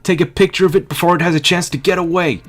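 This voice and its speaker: A man's voice: high voice, fairly even intonation, fast, pitched above the performer's own voice. A man voicing a nerdy young male tech advisor who gives earnest instructions over a codec radio in a video game. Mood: earnest instructing.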